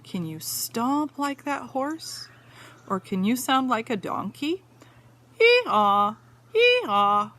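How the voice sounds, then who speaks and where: A woman teacher with a fairly high voice reads a picture book to little children. She takes her time and lets her pitch swing up and down in a sing-song way, pausing often to ask questions. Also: lively intonation, a bit bright. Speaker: teacher reading aloud to young students.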